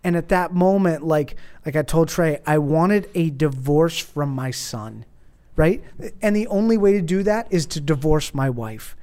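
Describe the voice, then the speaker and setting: A man's voice: a little high, measured pace. A man in his thirties on a podcast, telling a story in casual chat and acting out the quotes in a raised voice. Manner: animated, acts out quotes in raised voice. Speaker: podcast host.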